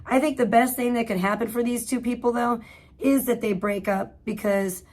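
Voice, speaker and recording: A woman's voice: on the high side, steady tone, moderate pace, darkish tone. A woman hosting a livestream, giving blunt, profane commentary in casual, rambling talk. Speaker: livestream host.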